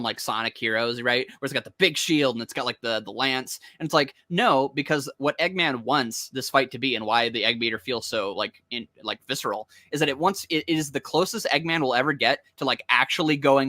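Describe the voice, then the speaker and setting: Fast-talking bright-voiced young man. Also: medium pitch, no room sound. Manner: rambling, heavy use of "like", excited. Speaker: podcast co-host. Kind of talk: casual comic discussion.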